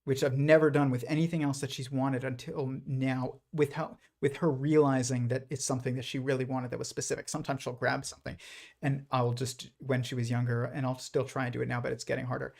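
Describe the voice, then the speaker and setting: A man's voice: mid-range voice, little pitch movement, fairly quick, gravelly, a little mellow. A man hosting a livestream and talking through his ideas in a rambling, reflective way, full of fillers and restarts. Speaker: livestream host. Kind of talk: casual livestream monologue.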